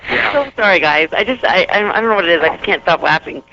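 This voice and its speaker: A woman's voice: mid-range voice, expressive, fast, vocal fry, bright, forceful tone. A woman guest on a casual phone interview, giggly and apologizing over and over. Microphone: phone line. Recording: dull lo-fi phone line with faint hiss.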